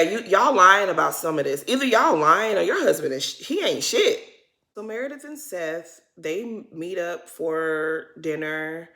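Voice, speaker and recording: A woman's voice: lowish voice, fairly bright tone. Sassy woman vlogger recapping reality TV. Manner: sassy, blunt, outspoken; addresses cast members directly as "girl". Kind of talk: casual reaction commentary.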